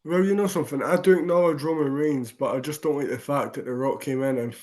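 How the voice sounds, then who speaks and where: A man's voice: fairly high pitch, fairly even intonation, fast, darkish tone. A young Scottish man with a Scottish accent, a guest chatting cheekily on a podcast over a laptop video call. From Scotland. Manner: cheeky, jokey. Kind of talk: casual podcast chat.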